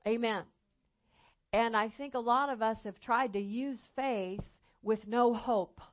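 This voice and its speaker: A woman evangelist preaching a sermon emphatically, slowing down and rising in volume on key phrases. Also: fairly high pitch. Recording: dull lo-fi sound.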